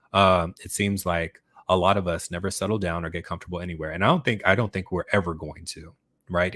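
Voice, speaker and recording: A man with a very low, deep voice talks casually on his channel, rambling and restarting his sentences with lots of fillers. The sound is dry and close, with no room around it. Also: fairly bright tone, dry recording. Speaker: YouTube channel host. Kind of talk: casual livestream chat reading comments.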